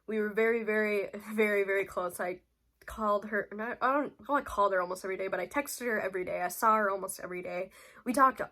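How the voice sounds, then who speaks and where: A young woman beauty vlogger talks straight to her camera in a casual, rambling way. She keeps looping back with fillers and restarts, and her voice stays at a middling pitch. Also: fast, bright, forceful tone.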